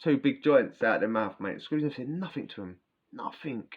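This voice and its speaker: A man's voice: mid-range voice, expressive, normal speed, husky. Rambling slangy man, lo-fi. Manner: rambling, slangy, swearing, frequent "yeah?" tags. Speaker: vlogger recounting prison stories. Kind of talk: casual storytelling to camera. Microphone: camera mic, talking to camera.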